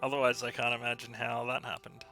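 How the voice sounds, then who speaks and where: Gravelly male gamer, lively storyteller, laughs a lot, game music in the background. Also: mid-range voice, quick pace. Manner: animated storyteller, laughs often, acts out quotes. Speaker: let's play co-host. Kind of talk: casual chat over gameplay. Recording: music bed behind voice.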